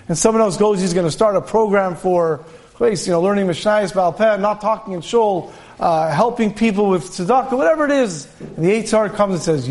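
A man with a high voice delivers a sermon as a lively story. He tells it in an animated way and voices the people in it. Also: normal speed. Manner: animated storyteller, voices characters with pitch jumps. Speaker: rabbi giving a Torah talk.

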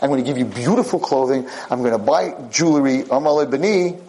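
A man giving a religious lecture, telling a story in a lively way and acting out what the characters say. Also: mid-range voice, fairly quick, poor audio.

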